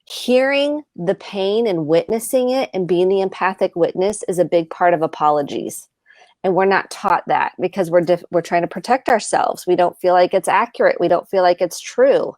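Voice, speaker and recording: Therapist lady giving tips, low-ish voice, dry sound, acts out little dialogues. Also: moderate pace, darkish tone, dry recording. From United States. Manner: earnest, speaks in lists, acts out example dialogue. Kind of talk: explaining tips on a live show.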